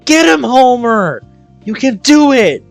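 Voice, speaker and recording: A man voicing a bubbly, excitable teenage girl who cheers and teases. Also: very high voice, takes it slowly, gravelly, dry recording, soft background music, voice pushed up, full character voice. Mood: teasing.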